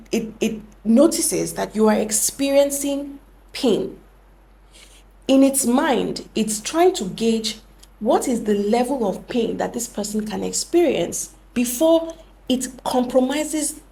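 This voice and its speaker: A woman's voice: fairly high pitch, lively intonation, takes it slowly, creaky, warm tone. A young woman hosting a podcast, explaining things earnestly and often correcting herself mid-sentence. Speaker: podcast host. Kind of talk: reflective podcast talk.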